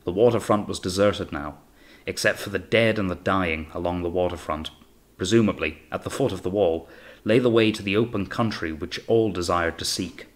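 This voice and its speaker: A man reading an audiobook as narrator in a steady, measured way. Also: low-pitched. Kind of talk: scripted narration.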